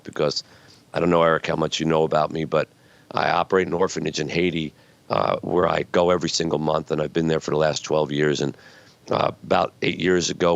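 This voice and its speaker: Man in his sixties, very low voice, gravelly, earnest storyteller, dull lo-fi sound. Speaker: author guest. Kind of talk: conversational interview.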